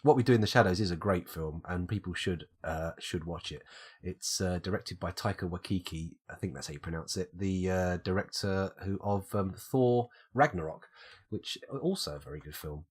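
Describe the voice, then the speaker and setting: A man's voice: low-pitched, normal speed, husky. A British man with a cold, thinking aloud as he streams live gameplay commentary and muses over his options. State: has a cold, coughing.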